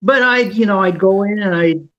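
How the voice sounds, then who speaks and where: A speaker in casual chat, recounting travel adventures in a halting way that repeats words. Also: mid-range voice, fairly bright tone, muffled recording. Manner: halting, repeats words while telling stories.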